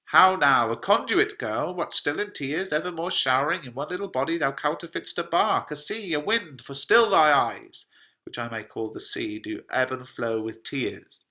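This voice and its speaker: A man reading the lines of an angry, domineering old father who shouts and scorns. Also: on the high side, expressive, moderate pace, voice pushed up. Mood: scolding.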